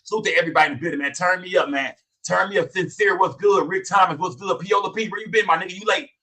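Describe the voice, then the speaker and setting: A man hosting a livestream, reading chat names rapid-fire in loose, slangy, profane talk. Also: sits high, pushed and bright, recorded from a distance. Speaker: livestream host. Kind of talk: casual livestream commentary and chat shout-outs.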